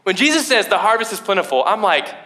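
A young man preaching a sermon in a casual, animated way, full of fillers. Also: high voice, fast talker. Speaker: pastor.

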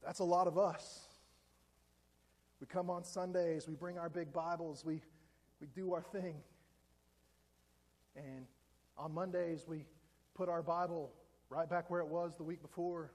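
A man's voice: on the high side, fairly even intonation, unhurried, pauses often, a little mellow. A man in his forties preaching a conversational, joking sermon in a church. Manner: conversational, joking, self-deprecating. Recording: long hall reverb.

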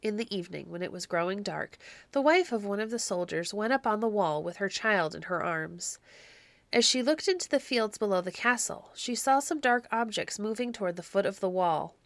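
Woman, storybook narrator, measured and clear, mid-pitched, dry close recording. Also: expressive, no room sound. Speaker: audiobook narrator.

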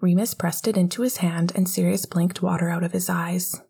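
A woman narrates an audiobook in a soft, half-whispered delivery. Her voice is husky and mellow, and it sits slightly low. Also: steady tone, moderate pace.

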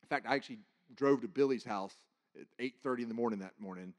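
A man preaching, telling a personal testimony in an animated, halting way, with many restarts and sudden drops to a hush. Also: mid-range voice. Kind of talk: sermon testimony storytelling.

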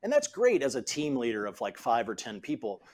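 Middle-aged male guest for an interview podcast, mid-pitched voice, animated as he acts out quotes. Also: brisk. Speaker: guest, former CEO and author.

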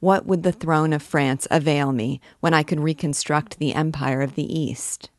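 A woman's voice: low voice, steady tone, moderate pace, a little mellow, no echo, clean studio sound, lightly acted. A woman voicing a proud, fiery male archdeacon and alchemist who declaims his views in a grand manner, reading from a novel. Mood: brooding.

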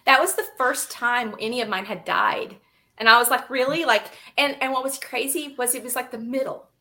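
Bright, lively woman telling funny stories. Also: on the high side, moderate pace. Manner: laughing, animated, acts out quoted people. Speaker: guest, animal photographer. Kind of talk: casual conversational storytelling.

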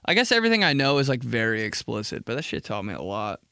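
A young man in his twenties hosting a casual solo podcast, rambling and animated, with lots of "like" filler and quick jumps into jokey high voices. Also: gravelly, clean tone, no room sound, clean studio sound. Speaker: podcast host.

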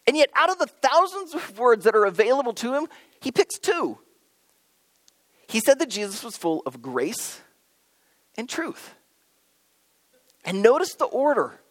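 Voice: medium pitch, big pitch swings, measured pace, long pauses, dry recording. A pastor preaching a sermon in a conversational, storytelling manner, with light humor and frequent restarts.

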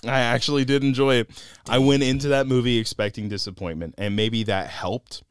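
A man co-hosting a casual podcast film review, animated and laughing often as he acts out lines he quotes. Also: mid-range voice, fairly quick, clean tone, dry recording.

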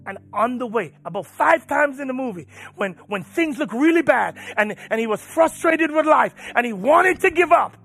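A man preaching as a pastor, swinging from loud urging to hushed storytelling. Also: very high voice, animated, moderate pace, few pauses, faint music behind. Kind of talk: sermon.

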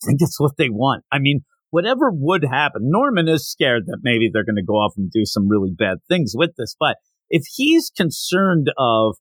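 A man hosting a podcast, casually recapping a comic issue and jumping into quick, animated voices for the characters' lines. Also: mid-range voice, dry recording. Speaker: podcast host.

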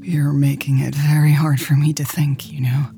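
An affectionate young woman, low and breathy, her words often dropping to a whisper. Her voice is dark with a gravelly edge. A woman acts her out, with faint music behind. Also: little pitch movement, moderate pace. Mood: flustered, breathless.

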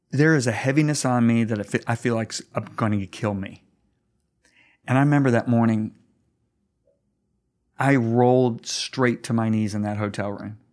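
Earnest middle-aged male pastor. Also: darkish tone. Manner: earnest, emphatic, voice climbs high when stirred. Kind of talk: storytelling in a conversation.

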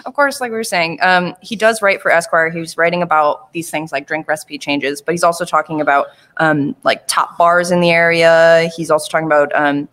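A woman's voice: low voice, fairly even intonation, a little fast, few pauses, fairly bright tone. Chatty woman co-host. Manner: chatty, loose with fillers and laughs. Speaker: podcast co-host. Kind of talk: casual chat.

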